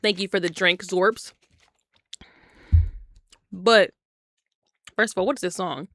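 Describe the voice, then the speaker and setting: Young woman streamer in her twenties, casual slangy storytelling, lively jumps in pitch, bright voice, dry close sound. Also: takes it slowly, no echo. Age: 20s.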